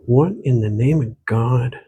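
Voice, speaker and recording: A man's voice: medium pitch, measured pace, mellow, breathy edge. A man voicing a frustrated young trainee priest who grumbles to himself and presses an old woman for help. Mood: grumbling. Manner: grumbling under his breath.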